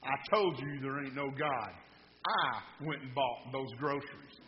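A man voicing a grumpy, mocking atheist neighbor who shouts blunt, folksy taunts. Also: mid-range voice, measured pace, slight background noise, lightly acted. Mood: scornful. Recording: muffled, with long hall reverb.

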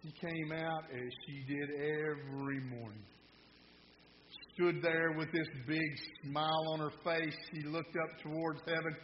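Preacher with a booming hall echo. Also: male voice, measured pace, slight background noise. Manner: animated, swings from quiet to loud. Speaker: pastor. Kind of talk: sermon with a storytelling joke. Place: church sanctuary. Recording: muffled sound in a reverberant hall.

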